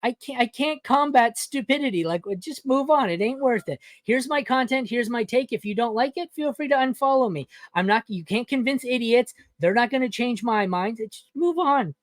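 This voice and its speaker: A man guesting on a podcast, talking bluntly and profanely in casual conversation, telling stories with animated quoted voices. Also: extremely high pitch, moderate pace, hardly any pauses, no room sound.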